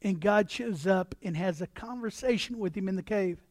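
A man preaching a sermon as pastor, animated, acting out voices and repeating words as he builds his points. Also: high-pitched, normal speed, dry recording, studio quality.

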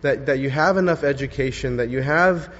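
A man's voice: mid-range voice, a little fast. A preacher man in a reverberant hall. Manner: earnest expository preaching, reading scripture aloud with emphasis. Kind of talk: sermon. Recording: dull lo-fi sound with long hall reverb.

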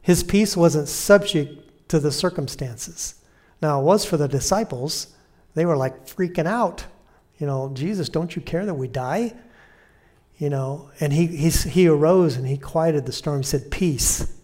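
A man preaching a conversational sermon, repeating key phrases and slowing down to quote Scripture softly. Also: a little high. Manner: slows and softens when quoting Scripture.

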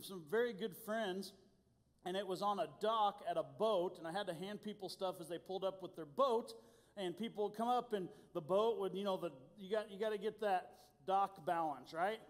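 A youth pastor from Indiana preaching a sermon, telling stories in an animated, self-deprecating way. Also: male voice, high voice, moderate pace. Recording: long hall reverb.

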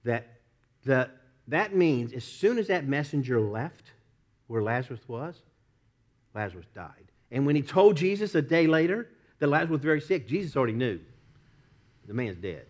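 Lively, animated male pastor preaching. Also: mid-range voice, normal speed, long pauses. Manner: animated storytelling, acts out quoted voices, laughs often. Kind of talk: sermon.

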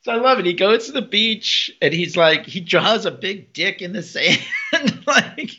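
A man co-hosting a podcast, chatting casually and laughing as he retells TV scenes with quick quoted lines. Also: high-pitched, animated, sharp tone. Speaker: podcast co-host. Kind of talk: casual episode recap chat. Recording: dull lo-fi podcast mic.

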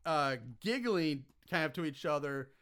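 A man casually recapping a film's plot on a podcast, animated and exasperated by the plot holes. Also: a little high, measured pace, smooth. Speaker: podcast co-host recapping a film.

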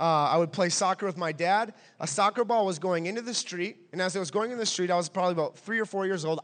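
A man's voice: high-pitched, fairly bright tone, in a large hall. A man preaching a sermon as pastor, emphatic and repetitive, with rhetorical questions to the congregation.

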